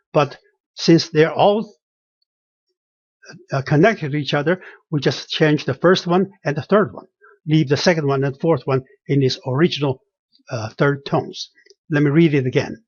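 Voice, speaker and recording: A language teacher giving a beginner lesson, speaking slowly and deliberately, repeating each phrase with hesitant fillers. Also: medium pitch, no room sound, muffled recording.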